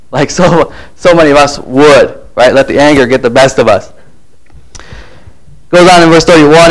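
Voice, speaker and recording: A man preaching a sermon who reads scripture aloud and acts out the figures in lively asides, often repeating words and restarting. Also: mid-range voice, low-quality recording.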